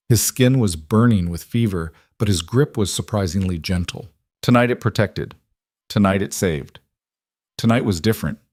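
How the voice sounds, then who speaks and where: A man narrating a romance fantasy audiobook in a steady, measured way. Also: fairly low pitch, no room sound, clean studio sound.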